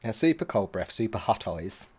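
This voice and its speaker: A man co-hosting a podcast, delivering dry, deadpan quips in casual chat. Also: on the low side, normal speed, husky. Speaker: podcast co-host.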